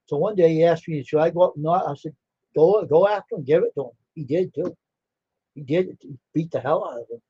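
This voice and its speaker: A man's voice: a little high, a little fast, breathy edge, lo-fi sound. An older man hosting a livestream, telling rambling stories in casual chat and acting out the dialogue. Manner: rambling, laughing, acts out quoted dialogue. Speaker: livestream host.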